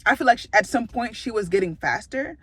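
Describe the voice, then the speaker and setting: A woman telling a story in a casual vlog, chatty and animated, with lots of fillers and laughter. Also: a little high, fairly quick, husky.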